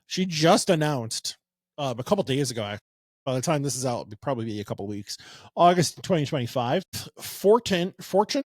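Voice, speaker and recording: Sarcastic podcast host, dry mic. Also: male voice, mid-range voice, expressive, fairly quick, darkish tone, no echo. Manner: rambling, sarcastic asides. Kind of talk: casual political podcast chat.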